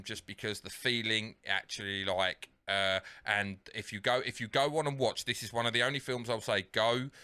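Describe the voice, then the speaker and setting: A man co-hosting a casual podcast, his voice bright and cutting. He rambles through his points with plenty of swearing and false starts. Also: on the low side, smooth. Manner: rambling, sweary, restarts often. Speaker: podcast co-host. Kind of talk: casual chat.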